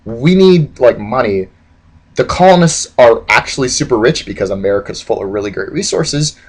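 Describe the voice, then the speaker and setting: A man's voice: medium pitch, animated, moderate pace, voice pushed down. A man voicing exasperated British officials who plead with colonists in casual slang. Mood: weary. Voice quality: casual modern slang, dude and like.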